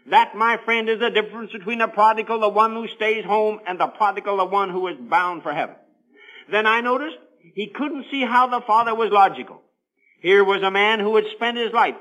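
A man's voice: high-pitched, pushed and bright, low-quality recording. A man preaching a sermon on the radio, telling a Bible story with earnest, rising emphasis.

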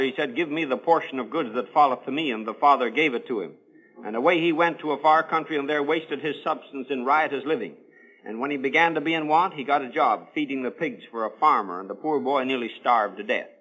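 A man's voice: mid-range voice, fairly quick, fairly bright tone, rough recording. A man preaching a sermon on the radio, telling a Bible story with earnest, rising emphasis.

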